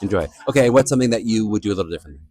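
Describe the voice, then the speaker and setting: A man's voice: on the low side, expressive, very fast, a little mellow. A male podcast host chatting with students in a casual interview. He is upbeat and encouraging and talks at a breakneck pace.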